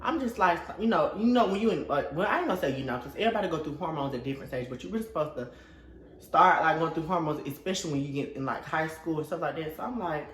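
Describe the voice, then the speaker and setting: Young male vlogger, animated storyteller, bouncy lively voice, roomy echo. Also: fast. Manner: animated, acts out quotes in a high dramatic voice. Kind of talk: casual storytelling.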